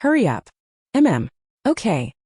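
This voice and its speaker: Woman voicing a brisk secretive young woman. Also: medium pitch, huge pitch swings, warm tone, slightly rough, dry recording, clean studio sound, heavily acted. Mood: coaxing. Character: calm masked young woman, secretive helper.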